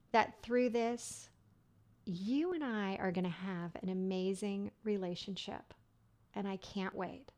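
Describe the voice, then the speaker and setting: Slow, animated woman telling a story. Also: medium pitch. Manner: animated, laughing through a funny story. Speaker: podcast host. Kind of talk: storytelling monologue.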